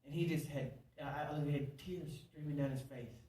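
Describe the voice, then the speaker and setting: A man's voice: on the high side, moderate pace, dark tone. A man telling a personal story at a men's church meeting in a folksy, earnest way, repeating himself and putting questions to his listeners. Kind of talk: sermon-style storytelling. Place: church hall before an audience. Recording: roomy, distant live hall recording.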